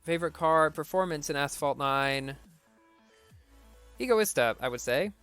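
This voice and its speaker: A man's voice: on the high side, animated, unhurried, fairly bright tone, smooth, faint music behind. A man streaming a racing game, reading viewer questions aloud and answering them briefly in a casual tone.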